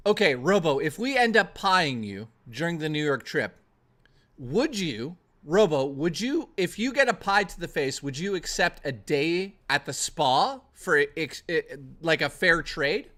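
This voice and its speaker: A man livestreaming in casual chat, rowdy and profane, thanking chat and joking excitedly. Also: on the high side, measured pace. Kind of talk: casual live-stream chat.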